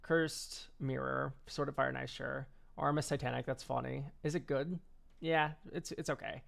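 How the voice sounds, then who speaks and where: Streamer dude w a gravelly fry voice, rambly and offhand, swears a lot, laughs easy. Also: male voice, medium pitch, steady tone, normal speed, fairly bright tone. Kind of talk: casual card-game deck review.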